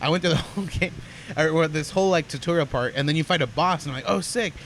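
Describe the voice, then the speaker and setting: A man's voice: a little high, quick pace, a bit bright, slight background noise. A man co-hosting a casual podcast, describing things in a rambling way with many fillers. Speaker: podcast co-host.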